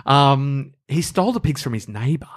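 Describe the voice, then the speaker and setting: Aussie guy telling a story, lively up-and-down voice, jokey. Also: medium pitch, normal speed. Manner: joking storyteller, playful. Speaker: podcast co-host. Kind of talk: casual chat.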